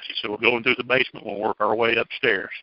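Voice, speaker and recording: A man's voice: medium pitch, little pitch movement, quick pace, no echo. A middle-aged man giving a personal testimony to a church group in a folksy, plainspoken storytelling manner. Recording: dull, dry lo-fi recording.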